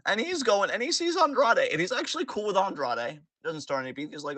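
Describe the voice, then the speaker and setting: A man hosting a podcast, recapping events in an animated, joking way with plenty of swearing. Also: on the high side, brisk, hardly any pauses, no echo. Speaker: podcast host. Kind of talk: casual wrestling recap chat.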